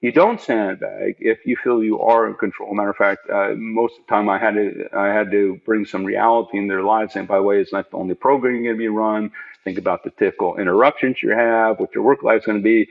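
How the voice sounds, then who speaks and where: A middle-aged man, a podcast guest, telling stories about his work in a lively, emphatic way, often tagging on "right?". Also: fairly low pitch, fairly quick, gravelly, narrow, tinny audio. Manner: animated, emphatic, many "right?" asides. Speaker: podcast guest, product leader. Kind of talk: conversational storytelling.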